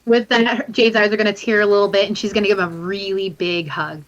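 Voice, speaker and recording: A woman player at a tabletop game, chatting casually and excitably. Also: medium pitch, fairly quick, highs cut off.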